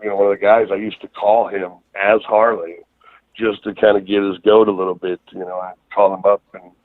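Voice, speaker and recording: A man's voice: lowish voice, flat delivery, fairly quick, no room sound. Man telling stories over a tinny phone line. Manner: rambling, profane, many fillers. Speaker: guest wrestler. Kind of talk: casual storytelling interview.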